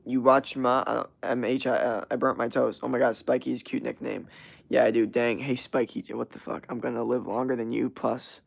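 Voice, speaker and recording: A young man hosting a livestream, chatting casually and reacting to viewer comments in a rambling, profane, animated way with lots of fillers. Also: mid-range voice, moderate pace, vocal fry. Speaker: livestream host.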